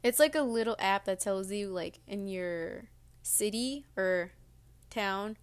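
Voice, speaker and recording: A young female vlogger rambles casually to her viewers, eating cereal between words, with the munching clearly audible. She speaks slowly in a smooth, mid-range voice.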